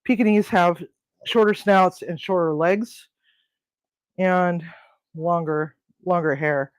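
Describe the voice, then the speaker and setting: A woman's voice: fairly low pitch, slow pace, dry recording. A woman hosting a casual home cooking video, rambling and chatty, cooing at her pets. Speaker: home cooking show host. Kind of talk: casual cooking and pet chat.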